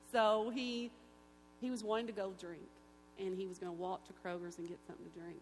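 A woman's voice: mid-range voice, normal speed, faint music behind. A woman giving an emotional personal testimony at a church gathering, telling the story with animation and acting out the voices of the people in it. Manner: animated storyteller who acts out quoted voices. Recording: echoey hall with faint hum.

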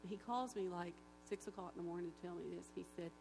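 A woman's voice: lowish voice, fast, vocal fry. Woman telling her testimony at church, acts out all the voices, long echo in the hall, bit of hum. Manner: animated storyteller who acts out quoted voices. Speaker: guest giving a personal testimony. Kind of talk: emotional church testimony storytelling. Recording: echoey hall with faint hum.

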